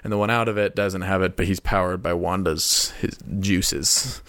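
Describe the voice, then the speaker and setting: A man's voice: low voice, fairly even intonation, normal speed, a bit bright, no room sound. A young man co-hosting a podcast, talking in a playful, rambling, joking way as he shares his theories. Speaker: podcast co-host. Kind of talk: casual chat.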